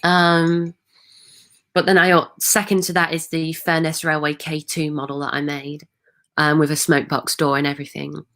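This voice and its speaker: A woman, chatting on a livestream. Her voice sits on the low side, and she works through viewer comments hesitantly, with plenty of ums and restarts. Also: little pitch movement, moderate pace, a bit bright. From Manchester, England. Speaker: livestream host. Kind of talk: casual livestream chat, reading viewer comments.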